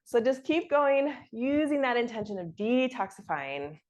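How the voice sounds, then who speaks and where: A young woman leads a yoga class in a calm, encouraging voice. She talks you through each pose and laughs softly now and then. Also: fairly high pitch, a little slow. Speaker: yoga instructor. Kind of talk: guided yoga class instruction.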